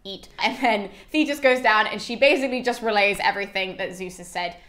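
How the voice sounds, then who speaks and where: A woman's voice: mid-range voice, a little fast, fairly bright tone. A woman hosting a YouTube channel, chatting through a classic epic in a casual way with lots of fillers and laughs. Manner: chatty, full of fillers, laughs while talking. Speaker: YouTube host.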